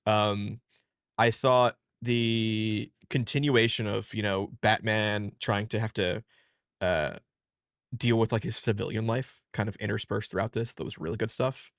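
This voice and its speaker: Laid-back, lower-voiced male co-host. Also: steady tone, a little slow, no room sound, studio quality. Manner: laid-back, rambling, swears freely. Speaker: podcast co-host. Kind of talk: casual comics podcast chat.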